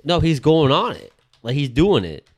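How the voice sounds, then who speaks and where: A man's voice: a little high, very animated, normal speed. A young adult man co-hosting a podcast in casual chat, rambling and swearing with lots of fillers. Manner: rambling, profane, filler-heavy. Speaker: podcast co-host.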